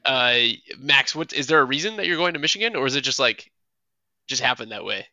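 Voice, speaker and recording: A man's voice: mid-range voice, lively intonation, a little fast, bright, forceful tone, dry recording. A young man co-hosting a podcast, teasing his friends with dry humor in casual chat. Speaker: podcast co-host.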